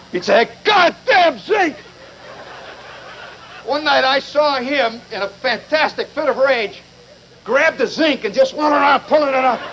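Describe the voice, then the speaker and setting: A man's voice: high voice, fairly bright tone, slight background noise. A man from Indiana telling a wry, digressive humorous monologue to a live audience, captured in a muffled 1970s live recording. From Indiana, USA. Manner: wry, digressive, mock-indignant. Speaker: storyteller performing for a live audience.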